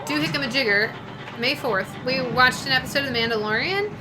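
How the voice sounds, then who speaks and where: High-voiced Midwestern woman, chatty. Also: a little fast, low-quality recording. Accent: Midwestern American. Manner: chatty and rambling, with many fillers. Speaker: pinball stream co-host. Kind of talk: casual chat while playing pinball. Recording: loud music playing behind the voice. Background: loud background music.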